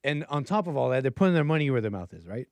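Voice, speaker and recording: Male stream host, casual rambling commentary full of fillers, medium pitch, dry close-mic sound. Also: very animated, rapid-fire, a little mellow, no echo. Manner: rambling with many fillers and restarts, chuckling asides. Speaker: political commentary livestream host.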